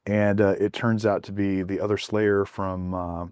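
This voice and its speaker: A man co-hosting a podcast in casual chat, talking in a halting way with many fillers and restarts. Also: low-pitched, level tone, a little mellow, smooth, no room sound, studio quality. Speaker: podcast co-host.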